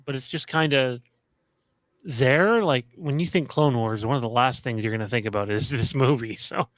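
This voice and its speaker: A man on a casual podcast panel, talking in halting bursts with many fillers and restarts. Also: mid-range voice, fairly bright tone, no room sound, low-quality recording.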